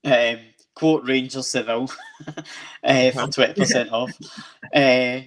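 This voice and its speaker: A man's voice: medium pitch, steady tone, slow, a bit bright. A man hosting a fan podcast in casual chat, rambling along with lots of ums and restarts. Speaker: podcast host.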